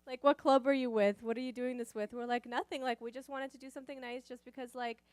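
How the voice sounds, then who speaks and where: A woman's voice: a little high, little pitch movement, fast talker, a little mellow, clean tone, dry recording. Young woman rambling through a testimony. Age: young adult. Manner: casual, rambling, lots of "like" and "um". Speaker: college student sharing testimony. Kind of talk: church testimony.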